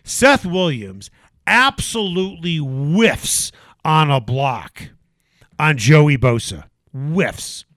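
A man hosting sports talk radio, arguing and ranting in an animated way. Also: a little high, very slow, no room sound. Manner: animated, ranting, mocking impressions.

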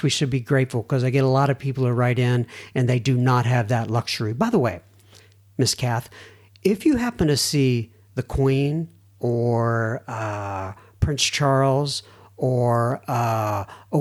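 A man's voice: mid-range voice, measured pace. A middle-aged man hosting a recovery podcast, chatting casually and reading listener emails aloud with self-deprecating asides. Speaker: podcast host.

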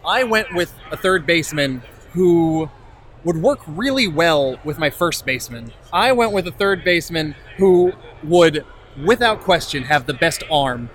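A man's voice: a little high, animated, unhurried, a bit bright. A man co-hosting a podcast live at a comic convention, chatting casually, joking, laughing and swearing. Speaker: podcast co-host. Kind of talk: casual chat, reviewing and drafting.

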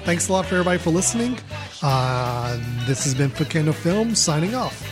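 A man's voice: a little high, sing-song, fairly quick, over music. A man hosting a casual film podcast, talking in an upbeat, loose, chatty way. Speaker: podcast host.

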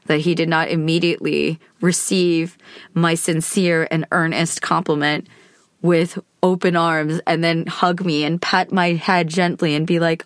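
A woman's voice: sits low, level tone, a little slow, dry recording, clean studio sound. Candid woman telling a personal story. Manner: candid and conversational, with frequent hedging fillers. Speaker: podcast host.

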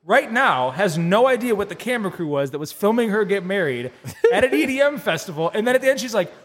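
Laughing storyteller man, slightly high voice. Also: quick pace, big-room sound. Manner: animated storyteller, laughs often, acts out quotes. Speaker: podcast co-host. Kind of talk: casual podcast chat.

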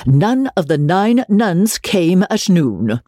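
A woman voicing a fussy, exacting theatrical elocution teacher with husky, drawn-out enunciation. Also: lowish voice, very animated, dark tone, no room sound, clean studio sound, voice pushed up, heavily acted. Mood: drilling. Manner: drilling, exaggerated enunciation. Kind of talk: audiobook reading.

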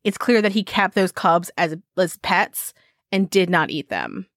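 A woman's voice: lowish voice, big pitch swings, measured pace, a bit bright, dry recording. Woman podcast co-host, laughs a lot, playful riffing, dry sound. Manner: giggly, playful, rambling. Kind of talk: casual chat.

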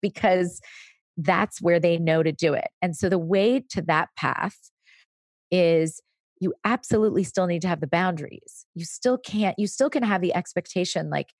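Woman, parenting expert guest, low pitch, dry recording, explanatory. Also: normal speed, dry recording. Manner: explanatory, briefly acts out parent and child lines. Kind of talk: casual chat.

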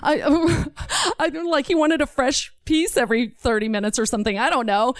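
A woman's voice: sits high, moderate pace, dry recording, clean studio sound. A woman from Texas telling a true story on stage to a live audience, acting out the other people's voices as she goes. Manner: animated, acts out voices of others.

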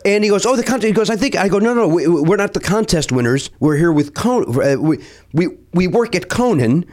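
Male guest, chatty storyteller; expressive pitch, slightly high, restarts a lot. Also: brisk. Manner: animated, acts out quotes, restarts often. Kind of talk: casual anecdote.

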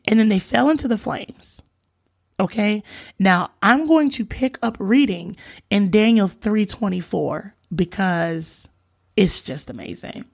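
A woman hosting a casual faith podcast, reading scripture aloud and retelling it with expressive, slangy asides and emphatic repetition. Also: mid-range voice, measured pace, creaky, no room sound. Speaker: podcast host.

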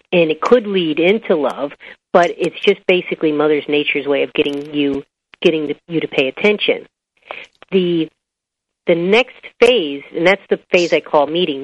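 A woman guest, an author and biology teacher, explaining her ideas step by step in an interview and telling anecdotes along the way. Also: sits low. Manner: animated storyteller, explains step by step. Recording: dull lo-fi recording.

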